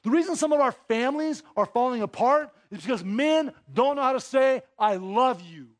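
In an expressive, brisk delivery, a pastor preaches to his congregation, questioning them rhetorically. He shifts between soft, low asides and rousing, emphatic exhortation.

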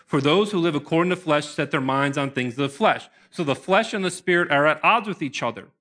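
A man's voice: fairly high pitch, brisk. A man preaching a sermon to his congregation in an earnest manner. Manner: earnest preaching, bursts into excited shouts. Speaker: pastor.

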